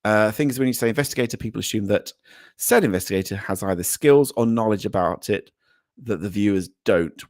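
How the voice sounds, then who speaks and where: A British man hosting a casual livestream, chatting loosely with many ums and laughs, reading out viewer comments and thanking donors with sudden bursts of excitement. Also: medium pitch, no room sound, studio quality. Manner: effusive thanks, voice jumping up for donors. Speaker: livestream host.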